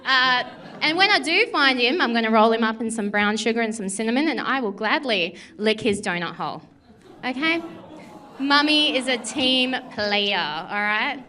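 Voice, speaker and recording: A woman's voice: fairly high pitch, expressive, moderate pace, pushed and bright. A woman stand-up comedian, brash and bawdy, talking confidently to a club crowd. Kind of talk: stand-up set and interview.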